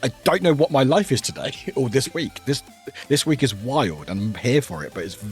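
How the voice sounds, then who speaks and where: A young British man streaming and chatting with his viewers, teasing them playfully and switching between loud outbursts and quiet mumbles. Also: medium pitch, lively intonation, moderate pace. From United Kingdom. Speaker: livestreamer. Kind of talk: casual chat with viewers. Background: faint music.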